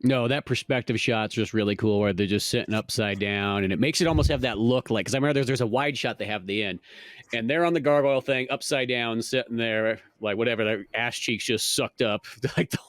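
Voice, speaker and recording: A man's voice: mid-range voice, a little fast, a bit bright, dry recording. Rambling man on a dry-sounding podcast. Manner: rambling, many fillers, swears and laughs often. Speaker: podcast co-host. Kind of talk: casual movie review chat.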